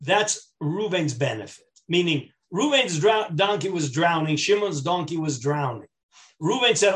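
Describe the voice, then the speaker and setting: High-voiced rabbi teaching a Talmud class. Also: male voice, animated, measured pace, a bit bright. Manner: explains step by step and checks in with the class; mixes Aramaic text reading with English explanation. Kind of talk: Talmud study lecture.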